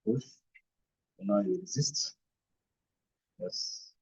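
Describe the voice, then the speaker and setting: A physiotherapy instructor demonstrates techniques hands-on with a partner, mixing short commands with explanations. His voice is fairly low, with drawn-out words and a breathy edge, and the recording sounds dull and lo-fi.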